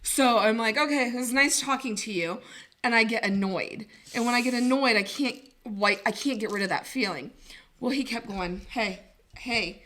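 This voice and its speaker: A woman co-hosting a podcast, telling a story in an animated way, laughing often and acting out what people said. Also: fairly high pitch, normal speed. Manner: animated, laughing, swearing, acts out quotes. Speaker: podcast co-host. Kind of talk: casual storytelling.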